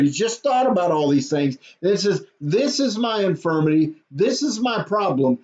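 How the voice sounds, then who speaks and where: Pastor, high male voice, reads a psalm then explains it plainly; dull lo-fi sound. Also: sing-song, normal speed, darkish tone. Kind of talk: devotional Bible reading and commentary. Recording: dull lo-fi audio.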